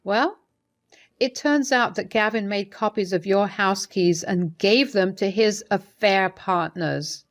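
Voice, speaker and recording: A woman's voice: mid-range voice, slow pace, close to an everyday voice. A woman voicing a caring middle-aged mother-in-law who speaks hesitantly and soothingly while reading a story's dialogue. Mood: concerned.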